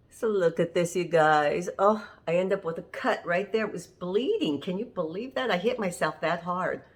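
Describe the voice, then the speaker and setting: A woman's voice: on the low side, lively intonation, measured pace, breathy edge. A woman hosting a home cooking show, talking through a recipe step by step in a chatty, homey way and often laughing at herself. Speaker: home cooking channel host. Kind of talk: casual cooking demonstration. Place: home kitchen.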